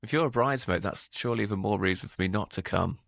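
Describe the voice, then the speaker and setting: A man with a very low, gravelly voice chats in a relaxed, dry, self-deprecating way. The sound is close and dry, with no room around it. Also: quick pace, no room sound. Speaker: podcast co-host. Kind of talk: relaxed casual chat.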